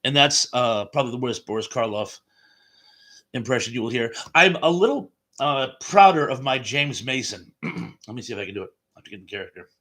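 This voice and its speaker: A man's voice: mid-range voice, animated, brisk, bright, forceful tone. A man hosting a casual live stream, chatting about old films and reading out viewer comments with frequent chuckles.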